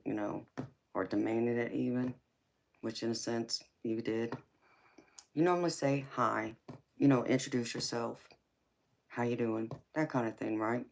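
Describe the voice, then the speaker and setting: A woman's voice: a bass voice, moderate pace, long pauses. A woman with a Southern US accent from Georgia, hosting a casual live tarot stream, greeting viewers with honey and baby and lecturing them about manners. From United States. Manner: folksy, calls viewers honey and baby, laughs often. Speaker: tarot reader and livestream host.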